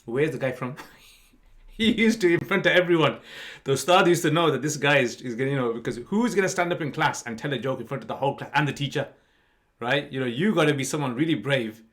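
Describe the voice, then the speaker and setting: A man's voice: a little high, expressive, quick pace, fairly bright tone. A man, a mufti hosting a podcast, chatting casually and telling anecdotes with frequent laughs. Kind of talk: casual chat.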